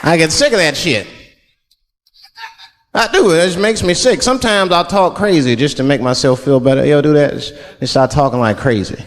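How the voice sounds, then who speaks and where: A man from Washington, D.C. performing a stand-up routine, telling stories in an animated way and slipping into put-on voices, recorded on a large theater stage before a live crowd. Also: fairly high pitch, fairly quick, long reverb tail. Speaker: stand-up comedian.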